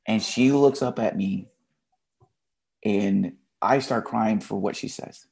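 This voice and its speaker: A man's voice: lowish voice, slow pace, vocal fry, a little mellow. A man, a teacher and podcast guest, telling a candid personal story in a blunt, emotional way with casual slang.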